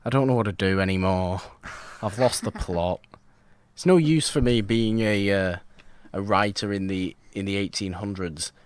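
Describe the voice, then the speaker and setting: A man's voice: fairly low pitch, moderate pace, clear, resonant tone, no echo. A man co-hosting a podcast in casual chat, rambling and self-mocking with old-fashioned phrasing. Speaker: podcast co-host.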